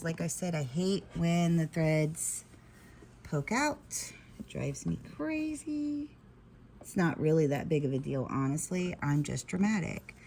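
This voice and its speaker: A woman's voice: fairly low pitch, sharp tone, slight background noise. Chatty giggly woman teaching sewing. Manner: chatty and giggly, self-deprecating asides. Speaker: sewing tutorial host on a live stream. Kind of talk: casual live sewing demonstration.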